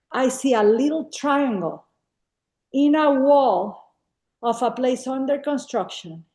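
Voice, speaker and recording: A woman's voice: fairly high pitch, echoey room, poor audio. A woman telling a story casually on a video call, acting out the dialogue as she goes. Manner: lively, acts out quoted dialogue. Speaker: guest speaker at a spiritual gathering.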